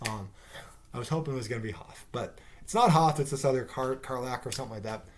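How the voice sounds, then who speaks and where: A man's voice: medium pitch, quick pace, slight background noise. A man giving a casual spoken review of a TV episode, rambling and sarcastic, with fillers and swearing. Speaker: TV show reviewer.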